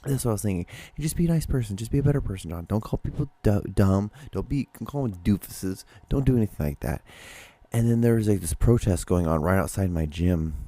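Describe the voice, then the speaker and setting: A man's voice: fairly low pitch, expressive, fairly quick, warm tone. A man hosting his own solo podcast, rambling casually with many restarts and the odd curse word. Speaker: podcast host.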